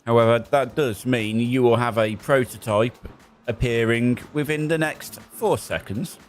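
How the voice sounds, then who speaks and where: A man's voice: mid-range voice, faint music behind. Man calling race traffic. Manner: brisk, jokey, calls traffic in short bursts. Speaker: race spotter. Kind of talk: live radio spotting during a sim race.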